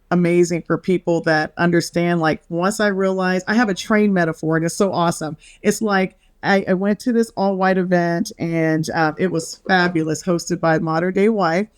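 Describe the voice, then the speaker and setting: Smooth and lowish, this middle-aged woman's voice comes through a dry, studio-quality recording. She's a wellness author chatting casually as a podcast guest, a bubbly storyteller who performs quotes and laughs frequently.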